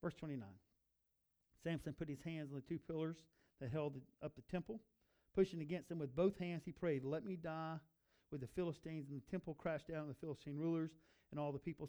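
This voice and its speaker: A man's voice: on the high side, quick pace, warm tone. A male pastor preaching a sermon, earnest and building to emphatic repeated phrases.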